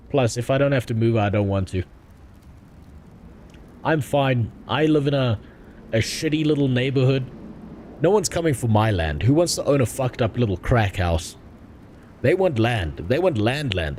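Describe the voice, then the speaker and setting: A man's voice: mid-range voice, a little mellow, a little hiss or hum. Profane joking streamer man. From South Africa. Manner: reads game dialogue aloud. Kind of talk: casual gaming stream commentary.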